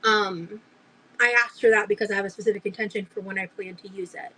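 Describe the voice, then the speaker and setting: A young woman livestreaming as she opens gifts, talking in gushing, breathy exclamations full of fillers. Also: mid-range voice, steady tone, fast talker, bright, forceful tone, slight background noise, low-quality recording. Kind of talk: casual livestream chat.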